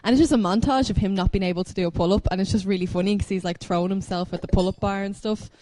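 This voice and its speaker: A woman co-hosting a podcast in casual chat, talking quickly with lots of "like". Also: medium pitch, fairly even intonation, dark tone, no echo. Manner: quick talker, uses "like" a lot. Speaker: podcast co-host.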